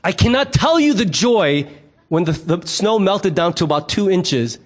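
Pastor, man, middle-aged, fairly high voice; conversational sermon delivery, playful, does the voices of people in his anecdotes. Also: normal speed. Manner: animated storyteller who acts out quoted voices; conversational and humorous.

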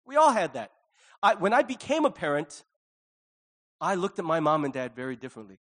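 A man with a high, light voice delivers a heartfelt sermon. He is earnest, sinking to near-whispers and then climbing back up to loud, emphatic lines. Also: very animated, brisk, pauses often. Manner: earnest, swings from hushed to loud. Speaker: pastor.

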